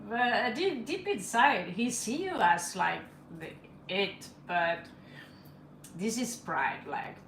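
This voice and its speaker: Slow-talking woman reading tarot live. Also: mid-range voice, lively intonation, fairly bright tone. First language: not English. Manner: chatty, laughing, reads cards aloud in broken English. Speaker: tarot reader. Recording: echoey room with faint ambient noise.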